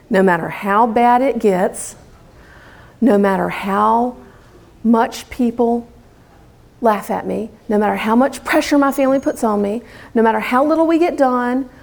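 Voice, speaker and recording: A woman's voice: on the high side, gravelly. A middle-aged woman from the United States, speaking to a live audience about homeschooling and acting out quotes as she tells stories. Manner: lively storytelling, acting out quotes.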